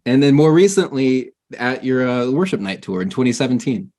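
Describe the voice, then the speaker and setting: A man's voice: medium pitch, animated, moderate pace, darkish tone. Man hosting a casual interview. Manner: friendly, asks questions, self-deprecating. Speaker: interview host.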